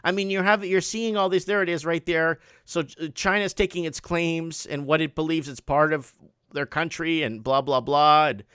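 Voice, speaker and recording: High-voiced rambling man host. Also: steady tone, moderate pace, a bit bright, smooth, no room sound, clean studio sound. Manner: rambling, reads headlines aloud, rising emphasis. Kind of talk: casual call-in show chat.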